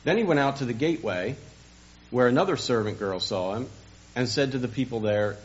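A man preaching a Sunday sermon, telling a story dramatically and building to loud emphasis, on a dull, lo-fi recording. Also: medium pitch, animated, brisk, husky. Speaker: pastor.

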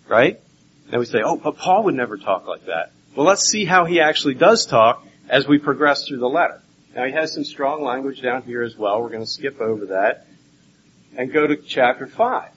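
A man preaching a Bible teaching sermon, animated and swinging between loud and hushed. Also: mid-range voice, moderate pace, slight background noise. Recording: dull lo-fi recording with faint ambience.

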